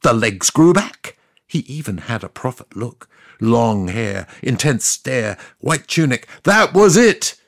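A man's voice: medium pitch, sing-song, slow pace, gravelly, no room sound, studio quality, heavily acted. A man plays God as a sardonic, chatty ancient deity, telling the story in a scripted comic monologue. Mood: wry.

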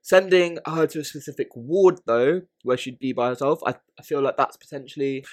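A man's voice: medium pitch, fairly quick. Man co-hosting a casual podcast. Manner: thinks aloud, repeats words, asks "right?". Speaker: podcast co-host. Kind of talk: casual chat.

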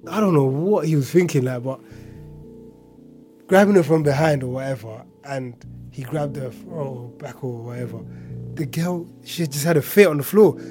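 A man's voice: mid-range voice, normal speed, warm tone, soft background music. A man casually telling a personal story, chatty and full of filler words and asides.

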